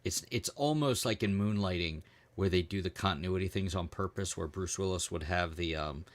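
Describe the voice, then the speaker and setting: Deep-voiced man chatting loosely. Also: moderate pace. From United States. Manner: rambling, joking, trails off with ums. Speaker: podcast co-host. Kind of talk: casual chat.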